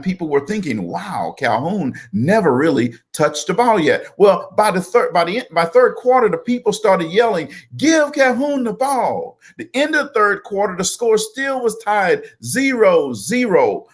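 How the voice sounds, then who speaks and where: A man, co-hosting and telling folksy motivational stories. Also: sits high. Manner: folksy, animated storyteller. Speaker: co-host. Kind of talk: motivational storytelling.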